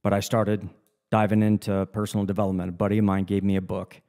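Low, mellow-voiced man talking mindset. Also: flat delivery, fast talker. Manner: earnest, reflective, motivational. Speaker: podcast co-host. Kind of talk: casual podcast chat.

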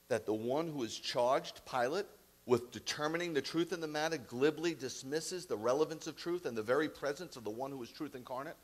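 A man's voice: medium pitch, brisk. A man preaching a sermon as rabbi, emphatic and conversational with blunt asides.

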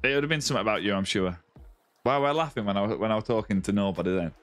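A man's voice: on the low side, very fast, a bit bright. A man with a Lancashire accent live-streaming a game, bantering and greeting viewers by name. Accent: Lancashire English. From northwest England, Lancashire near Yorkshire.

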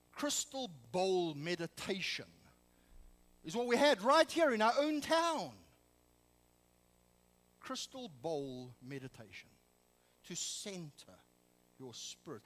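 A man's voice: high voice, fairly bright tone, in a large hall, poor audio. A man preaching a sermon as pastor, emphatic and full of rhetorical questions. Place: church sanctuary.

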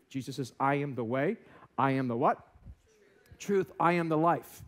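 A man's voice: mid-range voice, lively intonation, moderate pace, pauses often. A male American pastor giving a sermon in a church, telling a self-deprecating story and acting out voices. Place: church sanctuary.

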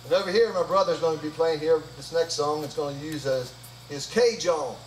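A man's voice: on the high side, brisk, a little hiss or hum. A man leading a live gospel concert, joking between songs in a folksy stage patter. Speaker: gospel singer and bandleader. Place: church hall. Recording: roomy live hall audio from far off. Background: guitar music.

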